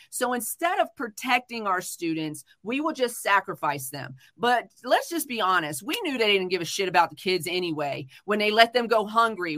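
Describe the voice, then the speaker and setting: A woman's voice: medium pitch, pushed and bright. A woman hosting a casual livestream chat, talking heatedly with frequent swearing, fillers and restarts. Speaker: livestream host. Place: home livestream.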